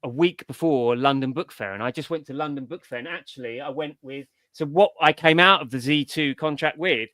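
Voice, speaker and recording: A middle-aged man speaking as a guest in a relaxed interview, his voice pitched a little high with a bright, forceful edge. He talks in long, digressive stretches. The sound is dry and close. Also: fairly quick, hardly any pauses, no echo. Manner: rambling, digressive storytelling. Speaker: comics writer, interview guest. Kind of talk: casual interview chat.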